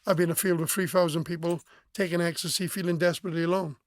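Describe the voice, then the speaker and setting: Fast-talking frank man, high voice. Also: little pitch movement, no echo. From Wales. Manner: frank, blunt, swears, acts out remembered dialogue. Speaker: musician guest. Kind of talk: candid personal storytelling.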